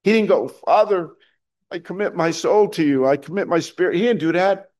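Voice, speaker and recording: Male pastor, middle-aged, slightly high voice; casual preaching style, restarts, swells to loud emphasis. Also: moderate pace. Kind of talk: sermon.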